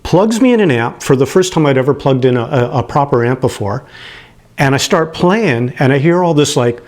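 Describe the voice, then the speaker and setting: A man in his late fifties telling a personal story, animated and prone to chuckling, who gets emotional as he talks. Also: medium pitch, normal speed. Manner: animated, acts out the people he quotes, chuckles as he talks.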